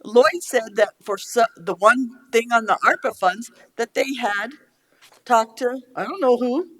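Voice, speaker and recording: A middle-aged woman, a county commissioner, giving a heated, blunt speech at a public meeting. She is angry and emotional, swears, and pushes back quickly. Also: fairly high pitch, expressive, fairly bright tone.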